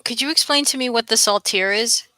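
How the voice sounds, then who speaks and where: A woman's voice: fairly high pitch, a little fast, bright, forceful tone, no echo. A woman with a New York accent, chatting casually on a live stream, repeating herself and asking viewers questions. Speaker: livestream host.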